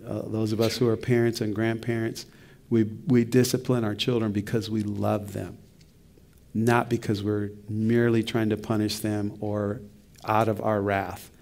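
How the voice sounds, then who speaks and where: A man's voice: fairly low pitch, little pitch movement, measured pace, gravelly. A middle-aged man, a pastor, teaching a church book study in a conversational, reflective way. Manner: conversational, reflective, with soft laughs and restarts.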